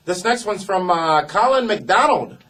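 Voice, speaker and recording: A man co-hosting a wrestling talk show, reading viewer mail at the desk. His voice is somewhat husky and sits a little high, and he gives the emails a playful, emphatic read. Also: animated, measured pace, fairly bright tone. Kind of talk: casual wrestling show chat. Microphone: desk mic.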